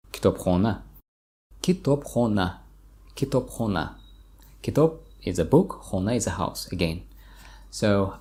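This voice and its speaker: A young man with a Tajik accent gives a vocabulary lesson. He speaks in a lowish, mellow voice and repeats each word slowly and patiently so learners can follow. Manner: slow, patient repetition of words. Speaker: language teacher.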